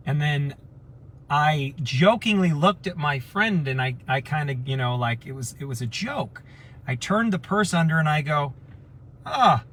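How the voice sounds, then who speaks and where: A man talking casually to his community group, telling stories and acting out the voices of people he quotes. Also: on the high side. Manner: animated storyteller, acts out quoted voices. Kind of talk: casual storytelling talk.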